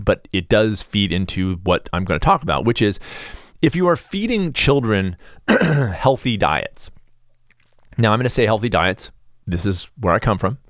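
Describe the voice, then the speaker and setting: A middle-aged American man hosting a podcast, talking in a blunt, sarcastic, animated monologue. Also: lowish voice, no room sound, clean studio sound. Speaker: podcast host. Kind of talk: casual opinionated monologue.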